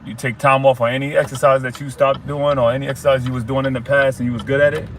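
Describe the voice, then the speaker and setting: Man, mid pitch, streetwise motivational streamer, speaking outdoors with faint traffic behind. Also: flat delivery, quick pace. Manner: streetwise motivational, repeats "you heard?". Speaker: fitness streamer. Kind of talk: casual livestream talk.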